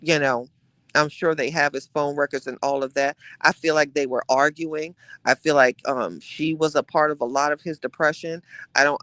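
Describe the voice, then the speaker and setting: Gossipy live-stream host, male, somewhat high voice, dry close sound, animated and dramatic with conspiratorial asides. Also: no echo. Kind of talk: casual live-stream chat reading viewer comments.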